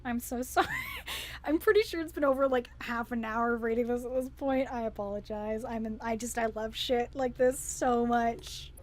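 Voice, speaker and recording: A woman's voice: fairly high pitch, darkish tone. A young woman commenting on a game as she plays, gushing and swearing freely. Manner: gushing, swearing, quick laughs. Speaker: gaming streamer. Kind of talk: let's play commentary.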